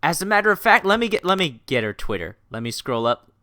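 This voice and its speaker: A man's voice: on the high side, fast, no room sound, clean studio sound. A man hosting an unplanned livestream, chatting casually with a guest and his viewers, rambling and laughing often. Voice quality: lively, giggly, rambling. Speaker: livestream host.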